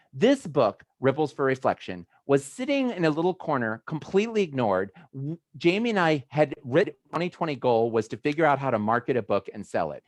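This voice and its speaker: A man from the United States hosting a video call, talking casually in a rambling way with animated asides. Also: mid-range voice, no echo. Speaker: host of a motivational video call. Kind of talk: casual chatty talk.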